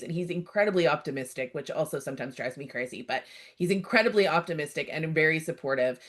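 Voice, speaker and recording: A woman's voice: low-pitched, fairly quick. A middle-aged woman from Canada in a casual interview, telling stories and acting out bits of dialogue. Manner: lively storyteller, acts out quoted dialogue. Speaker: outdoor educator, guest.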